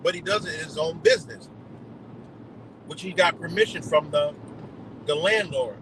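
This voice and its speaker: A man's voice: on the high side, moderate pace, background noise. A man on a live stream delivering a heated, profane rant full of rhetorical questions. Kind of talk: ranting monologue.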